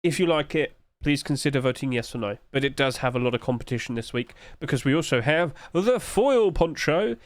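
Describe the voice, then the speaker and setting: A man's voice: mid-range voice, expressive, a little fast, hardly any pauses, dry recording. A young man hosting a casual video, chatting as he reviews items and asking viewers questions. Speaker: host reviewing game skins.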